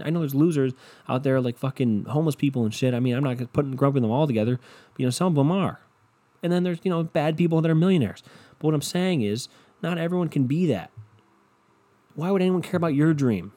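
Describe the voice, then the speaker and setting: A hoarse young man hosting a solo podcast from his bedroom on one microphone, ranting and swearing constantly. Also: on the high side, fast talker, warm tone. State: voice worn and hoarse. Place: his bedroom at his parents' house. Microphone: single home podcast microphone.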